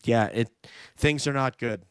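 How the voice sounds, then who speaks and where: A man's voice: medium pitch, unhurried, clean tone, no echo, clean studio sound. A man from New York hosting a casual livestream chat, thanking viewers and reading the live chat aloud. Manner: chatty, reads out live chat. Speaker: livestream host.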